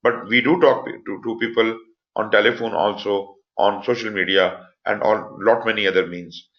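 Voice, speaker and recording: A man's voice: lowish voice, steady tone, moderate pace, gravelly, dull audio. A man with a Pakistani English accent giving a live online lecture as instructor, explaining points and stressing them with voice inflections. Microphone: computer mic for online class.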